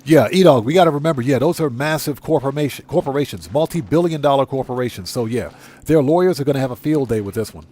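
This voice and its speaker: A man's voice: medium pitch, animated, fast talker, dark tone. A middle-aged man hosting a gaming livestream, chatting casually, rambling and correcting himself as he reads chat aloud. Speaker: livestream host.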